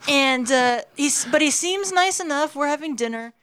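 A young woman telling a dating story as a podcast guest, animated and full of fillers, with plenty of swearing. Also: high-pitched, normal speed, slight background noise. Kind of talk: casual storytelling. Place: studio.

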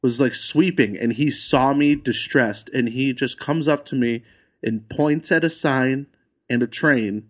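A man's voice: mid-range voice, measured pace. A man, a podcast guest, telling a travel story in casual chat.

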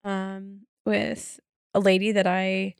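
A woman's voice: medium pitch, completely flat delivery, takes it slowly, creaky, smooth, dry recording, studio quality. A young woman co-hosting a podcast, chatting casually and laughing often. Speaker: podcast co-host. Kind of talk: casual chat.

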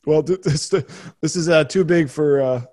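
An American man hosting a podcast, rambling in casual chat with many restarts and quick laughs. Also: on the high side, darkish tone. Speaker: podcast host.

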